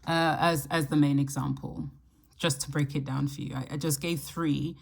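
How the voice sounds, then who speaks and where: Woman, low voice, reflective, thinking out loud, casual solo talk to camera. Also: fairly even intonation, moderate pace, gravelly, breathy edge. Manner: reflective, thinking aloud, musing. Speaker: astrology channel host.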